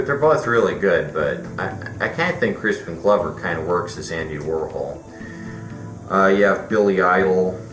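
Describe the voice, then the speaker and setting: A man giving a casual, rambling movie review, full of fillers and restarts. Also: deep voice. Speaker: film reviewer. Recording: roomy echo with faint music.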